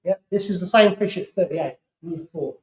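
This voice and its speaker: In a club hall with roomy echo, a middle-aged Englishman gives a live talk, telling fishing stories to an audience. His high voice is brisk and a little mellow, and as a chatty storyteller he acts out other people's lines.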